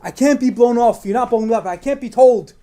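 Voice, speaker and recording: A desperate older man in his late sixties, as a male preacher puts him on, pleads through tears. He sounds high-pitched and forceful, and he keeps insisting that he will not be turned away. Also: expressive, normal speed. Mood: insistent.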